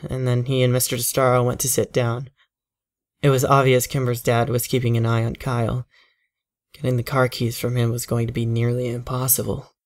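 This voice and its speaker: A man reads a horror story aloud in first person, measured and tense throughout. His voice sits at a middle pitch and stays steady and unhurried.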